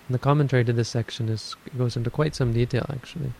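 A man teaches meditation in an unhurried dharma talk, thinking aloud through his points. His voice is gravelly and flat, held close to one level. A faint hiss sits under the recording. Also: medium pitch, rough recording. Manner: measured, explanatory, thinks aloud.

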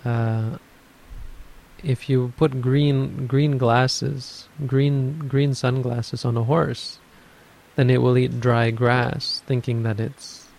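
A man giving a dharma talk on meditation, explaining in a measured way and thinking aloud as he goes. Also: mid-range voice, little pitch movement, vocal fry, a little mellow, low-quality recording. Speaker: meditation teacher.

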